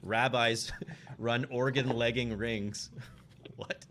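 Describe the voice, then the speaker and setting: A man's voice: medium pitch, steady tone, slow pace, noisy background. A man hosting a tabletop game stream, chatting casually and reading setting text aloud. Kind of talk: casual chat.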